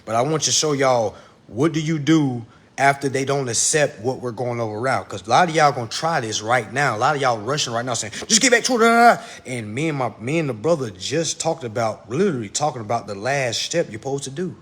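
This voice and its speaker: A man giving a casual livestream lesson, blunt and profane, talking fast and addressing his viewers directly. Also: medium pitch, husky. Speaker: online instructor.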